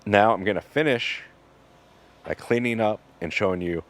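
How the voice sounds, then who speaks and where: A man working as a butcher who explains his cuts step by step in a casual, instructional way. He talks in a relaxed, joking manner with fillers. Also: lowish voice, normal speed.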